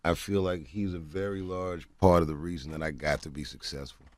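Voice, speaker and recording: A man's voice: low voice, steady tone, a little fast. A man telling stories in a casual talk-show chat, laughing often and acting out the voices of people in his stories. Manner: laid-back, laughing, acts out voices in stories. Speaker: comedian guest.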